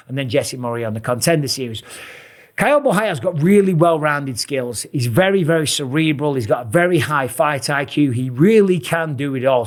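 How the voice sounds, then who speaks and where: A middle-aged man, a fight commentator, previewing upcoming bouts in a casual, blunt, animated way, swearing now and then. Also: on the high side. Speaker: MMA commentator and show host.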